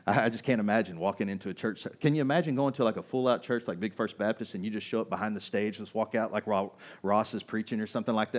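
A male pastor with a low voice, preaching in a casual, storytelling way. He talks to his congregation in a restaurant used as a meeting place, with quick asides and questions thrown to the room. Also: animated. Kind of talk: sermon with personal storytelling. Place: restaurant used as a church hall.

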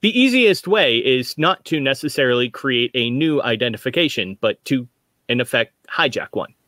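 A man voicing a stiff, formal corporate agent who speaks in a halting, measured way. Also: mid-range voice, animated, a bit bright, dry recording, lightly acted.

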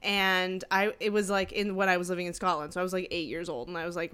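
A woman's voice: fairly low pitch, level tone, quick pace, hardly any pauses, fairly bright tone, clean tone. A woman in her thirties, co-hosting a podcast, telling stories casually with lots of fillers. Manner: rambling storyteller, lots of fillers. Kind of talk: casual chat.

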